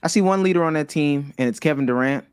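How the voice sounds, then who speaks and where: A man's voice: fairly high pitch, quick pace, clean tone, no echo, clean studio sound. A man co-hosting a casual sports podcast, blunt and emphatic, hammering the same point again and again. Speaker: podcast co-host.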